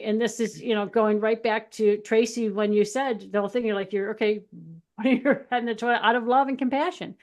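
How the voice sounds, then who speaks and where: Candid, laughing woman talking about spirituality. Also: medium pitch. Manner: candid, animated storytelling, quick laughs. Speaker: podcast co-host. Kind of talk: casual spiritual chat.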